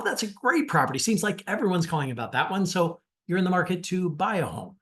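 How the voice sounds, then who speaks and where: A man with a fairly high voice coaches a sales class in a webinar. He talks with energy and emphasis and keeps calling his listeners guys. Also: a bit bright. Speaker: real estate sales coach. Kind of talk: webinar teaching. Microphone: online webinar.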